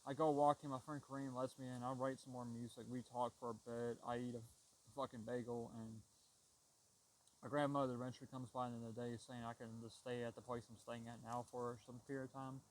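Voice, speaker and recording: Young male vlogger, profane venting monologue, loose rambling delivery, mid pitch. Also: flat delivery, fairly quick, a little hiss or hum, low-quality recording. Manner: heavy swearing, frustrated, rambling with restarts. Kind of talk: casual storytelling rant.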